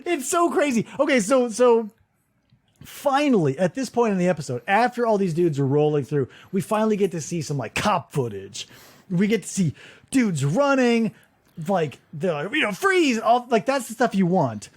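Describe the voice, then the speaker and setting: A man with a high, lively voice that swoops up and down as he recaps a show for a co-host. He slips into quick voices for the people he quotes and swears casually. The talk is loose and conversational. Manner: animated, acts out quotes in voices, swears freely. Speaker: podcast co-host.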